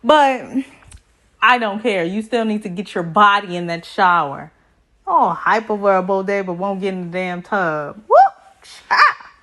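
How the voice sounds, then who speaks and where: A woman's voice: mid-range voice, normal speed, fairly bright tone. A woman recapping a reality show in a sassy, chatty way, full of slang asides. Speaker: TV recap vlogger.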